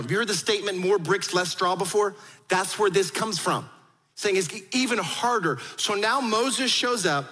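High bright-voiced male pastor preaching. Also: moderate pace, big-room sound. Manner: animated storytelling, acts out quoted voices. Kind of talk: sermon.

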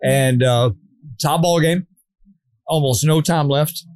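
A man's voice: a little high, slow pace, darkish tone, dry recording. A man, a football coach, chatting in an easygoing, teasing way. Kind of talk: casual podcast chat.

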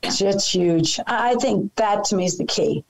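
A woman co-hosting a podcast, agreeing enthusiastically with a few halting restarts. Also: medium pitch, rough recording. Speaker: podcast co-host. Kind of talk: conversational interview.

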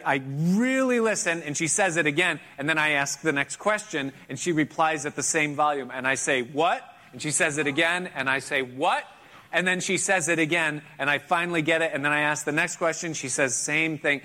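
Bright-voiced man preaching conversationally. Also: fairly high pitch, a little fast, few pauses. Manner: conversational, self-deprecating, chuckles between points. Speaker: pastor. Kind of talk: sermon with personal story.

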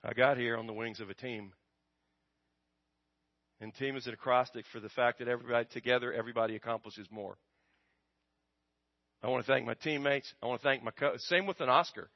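A man's voice: medium pitch, brisk, long pauses. A man preaching a sermon to his congregation, asking them questions and waiting for answers, his volume rising and dropping. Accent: American. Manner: call-and-response with congregation, swings loud and soft. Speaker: pastor. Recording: dull lo-fi recording.

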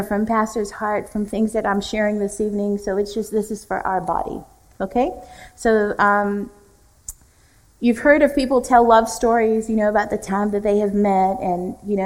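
A woman's voice: a little high, low-quality recording. A woman pastor teaching a church leadership class, conversational and fond of jokes. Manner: warm, joking, conversational teaching. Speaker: executive pastor.

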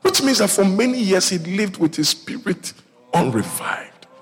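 A male pastor delivers a sermon with a voice that leaps up and down as he acts out the story. His tone sits somewhat high for a man. Long reverb from the large church hall trails behind his words. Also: moderate pace, husky. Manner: animated storytelling preacher, acts out voices, calls out to congregation.

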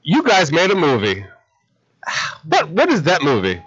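A man's voice: on the high side, huge pitch swings, unhurried, a bit bright, slightly rough. A man hosting a casual podcast from a small studio, joking and laughing with his guests. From Florida. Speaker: podcast host. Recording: muffled lo-fi audio.

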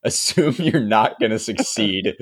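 Young man, low voice, podcast host, casual recap, laughs a lot, trails off. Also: unhurried, husky. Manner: relaxed, chatty, laughs often, trails off quietly. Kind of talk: casual chat recapping a TV episode.

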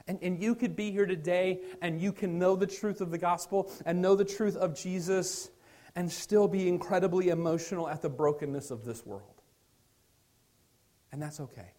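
Earnest high-voiced pastor preaching. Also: male voice, normal speed. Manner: earnest, shifts from loud stress to quiet near-whispers. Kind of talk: sermon.

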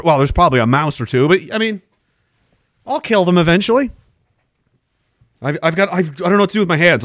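A man's voice: a little high, no room sound, clean studio sound. A middle-aged man, hosting a casual livestream, rambling and joking as he reads out chat messages. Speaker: livestream host. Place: home studio. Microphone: boom-arm studio mic.

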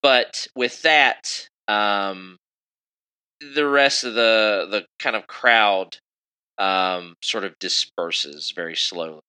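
A man's voice: on the low side, slow, bright, forceful tone, clear, resonant tone, low-quality recording. A man narrating a tabletop game as game master, describing scenes with many fillers.

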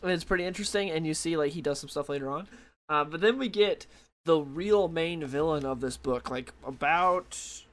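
Tired young guy with a slightly high voice, meandering through a casual review. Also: normal speed. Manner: rambling, loses track, many fillers. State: tired late at night. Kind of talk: casual comic book review.

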